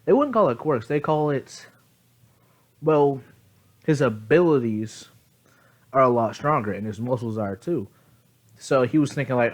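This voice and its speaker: A man's voice: medium pitch, expressive, a little slow, long pauses. Sleepy man rambling through a story. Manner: rambling, many fillers and self-corrections, casual swearing. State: sleepy, yawning. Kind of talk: casual improvised fan-story telling. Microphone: phone.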